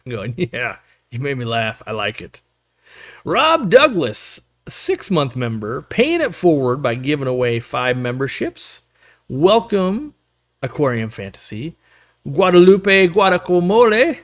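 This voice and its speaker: A man's voice: medium pitch, fairly bright tone. A man hosting a casual aquarium live stream, rambling and joking as he reads chat messages aloud.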